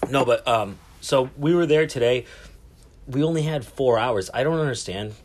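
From a cruise ship cabin, a podcast host rambles through a casual solo episode, cursing and poking fun at himself. His voice sits at medium pitch and moves at normal speed, with a faint hiss or hum underneath.

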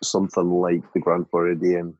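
Very deep husky British man, thinking aloud. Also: completely flat delivery, normal speed, a little mellow, no echo, dull audio. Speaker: podcast co-host. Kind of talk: casual podcast chat.

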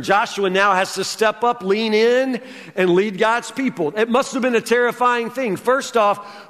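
A man's voice: high voice, a bit bright, long reverb tail. A man preaching a sermon as pastor, conversational with wry humor.

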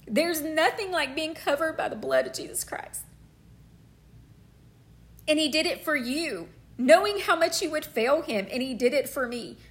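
A woman's voice: high-pitched, lively intonation, a little slow, fairly bright tone. A middle-aged woman preaching a passionate sermon, fervent and emotional, repeating phrases for emphasis.

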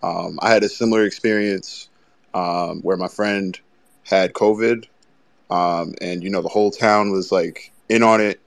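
A man co-hosting a sports talk show, speaking in an easygoing way with frequent pauses. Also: low-pitched, fairly even intonation, gravelly, dry recording. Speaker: co-host. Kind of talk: casual sports chat.

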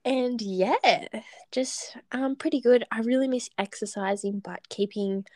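A woman's voice: a little high, unhurried, dark tone, dry recording. A young woman, co-hosting a podcast in casual chat, laid-back and reassuring, laughing often. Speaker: podcast co-host. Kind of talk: casual chat between friends.

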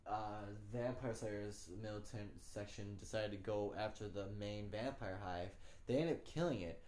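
Excitable, foul-mouthed young man. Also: lowish voice. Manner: excitable, swears a lot, slips into acted voices. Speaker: tabletop game player. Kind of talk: casual chat. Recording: echoey room, faint background noise.

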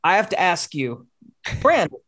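A woman's voice: fairly low pitch, very animated, moderate pace, fairly bright tone. Heated, profane woman in her forties. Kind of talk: casual chat.

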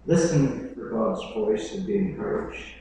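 Pastor guy preaching, booming echo, sounds a bit far from the mic. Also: animated, a little slow, vocal fry, mellow, slight background noise. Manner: preaching with dramatic quoted voices, conversational asides. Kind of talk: sermon. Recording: echoey hall, mic at a distance.

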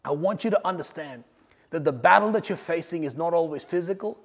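A man preaching a sermon, swinging between loud emphatic lines and quiet asides. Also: on the high side, fairly quick, long reverb tail. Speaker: pastor.

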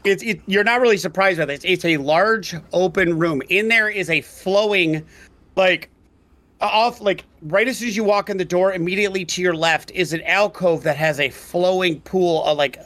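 Brief: male game master, bright tense voice, halting rambling narration. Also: sits high. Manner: rambling, halting descriptions full of fillers.

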